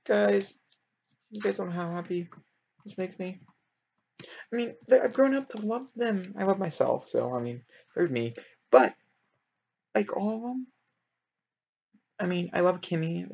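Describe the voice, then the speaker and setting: A man chatting casually over his game, excitable and rambling, his voice leaping up high when something thrills him. His voice has a gravelly, husky edge. It comes through a dull, lo-fi home mic. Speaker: gaming video creator.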